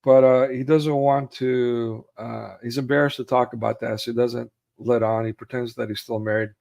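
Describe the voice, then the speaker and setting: Male, mid-pitched, casual film chat, rambling delivery that breaks into acted movie quotes. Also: level tone, normal speed, vocal fry, darkish tone. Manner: rambling, with many fillers and restarts; acts out movie quotes in raised voices.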